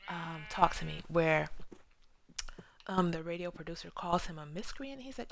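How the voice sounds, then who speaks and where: A woman's voice: lowish voice, fairly quick, vocal fry. A woman in her thirties streaming a building game, chatting casually and rambling into stories while she talks to her viewers.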